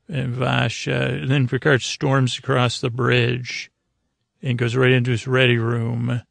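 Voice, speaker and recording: A man with a heavily gravelly voice recaps a TV episode in a loose, rambling way. His delivery stays flat, and he keeps tripping over fillers and restarts. The sound is dry and close, with no room around it. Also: medium pitch, no echo. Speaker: podcast host.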